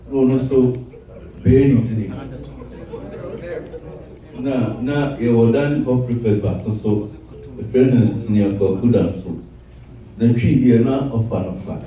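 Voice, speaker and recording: Guy preaching slow and mellow, far off the mic, lots of echo. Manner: animated storytelling, shifting into high mimicking voices. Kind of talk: humorous sermon with acted quotes.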